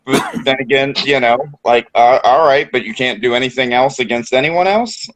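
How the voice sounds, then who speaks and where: A man's voice: medium pitch, moderate pace, a bit bright, rough recording. Hesitant man with a mid-range voice. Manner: hesitant, filler-heavy. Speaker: podcast co-host. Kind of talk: casual wrestling review chat.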